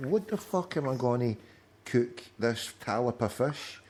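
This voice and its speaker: A man's voice: mid-range voice, lively intonation, measured pace, darkish tone, slight background noise. A man, hosting a late-night phone-in, rambling in sweary chat and calling his friend "mate" often. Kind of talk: casual banter over a call.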